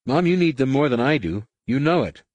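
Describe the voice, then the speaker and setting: A man's voice: mid-range voice, sing-song, a little fast, darkish tone, no echo, lo-fi sound, pitched above the performer's own voice. A man voicing an earnest, eager young man in an audiobook, speaking with urgency. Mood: insistent.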